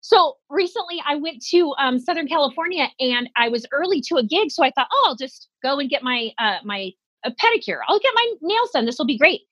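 A woman in her forties telling comic stories about aging, animated and self-deprecating, acting out little quotes. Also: high voice, fairly quick, few pauses, no echo, lo-fi sound. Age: 40s. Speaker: comedian guest. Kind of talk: comedic storytelling in conversation.

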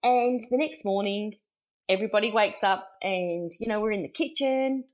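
A woman's voice: medium pitch, normal speed. A middle-aged Australian woman spins family stories in a loose, chatty way. She laughs as she goes, trails off into fillers and slips into little impressions of the people she quotes. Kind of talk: casual anecdotal storytelling.

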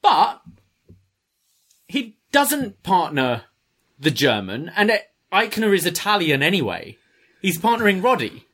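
A man's voice: high voice, very animated, a little slow, pauses often, a bit bright, husky. Man explaining things wryly. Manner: explains slang carefully, wry. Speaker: podcast co-host. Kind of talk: casual chat.

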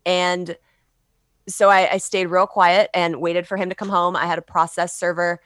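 A woman's voice: lowish voice, flat delivery, normal speed, a bit bright, no room sound. A woman from Los Angeles, a guest author on a casual podcast, chatty and candid, swearing and laughing often. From Los Angeles, USA.

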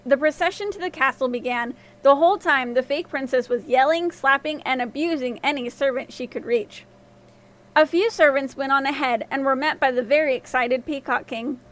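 A woman narrating a fairy tale as storyteller of a podcast, reading in an expressive way. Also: high-pitched, normal speed.

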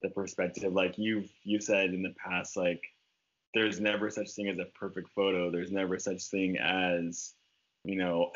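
A man co-hosting a podcast, rambling in casual chat with lots of "like". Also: low voice. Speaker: podcast co-host, musician. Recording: dull lo-fi sound.

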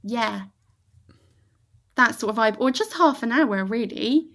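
Her voice is a little high and a bit bright, expressive but slow-paced. As a podcast co-host in a relaxed movie chat, she talks freely, laughs a lot and lets sentences trail away.

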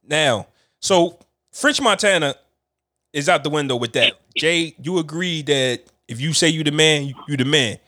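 A man's voice: fairly high pitch, normal speed, bright, forceful tone, no echo, clean studio sound. A man hosting a casual group conversation, asking questions and steering the talk, often laughing. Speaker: podcast host. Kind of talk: casual chat.

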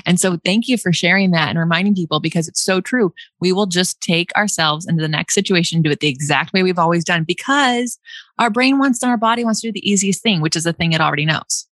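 Host type, young woman, slightly low pitch, dry close sound, chatty with lots of laughs. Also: fast talker, fairly bright tone, no echo. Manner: chatty, laughs often, many restarts and likes. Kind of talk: casual chat.

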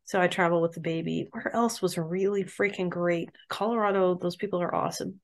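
A woman's voice: fairly low pitch, fairly even intonation, a little fast, vocal fry. A young adult woman, a party chair, chatting upbeat and casually as a podcast guest, with many fillers.

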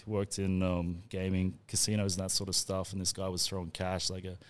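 A man's voice: low-pitched, completely flat delivery, brisk. A man with an Australian accent, telling a rowdy, laughing anecdote as a podcast co-host. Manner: laughing, swearing, rambling anecdote. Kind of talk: casual storytelling among mates.

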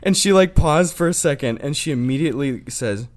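A young man co-hosting a podcast, telling stories in a lively, laughing way and swearing casually. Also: fairly high pitch, fairly quick. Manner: animated storyteller, laughs a lot, swears freely. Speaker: podcast co-host.

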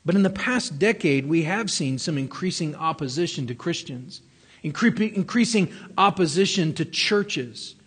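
Male pastor, earnest sermon, stresses words, slightly high-pitched, reverberant hall. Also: expressive, measured pace, a bit bright, slightly rough.

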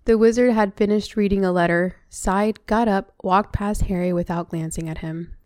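A woman's voice: mid-range voice, steady tone, moderate pace, darkish tone, no echo. A woman reading a novel aloud, breaking off now and then for chatty comments. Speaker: reader.

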